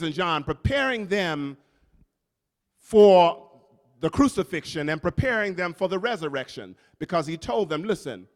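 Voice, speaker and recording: A male pastor preaching a sermon, calling out to the congregation and repeating key lines for emphasis. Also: high-pitched. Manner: preaching with call-outs to the congregation. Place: church sanctuary. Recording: long reverb from a church hall.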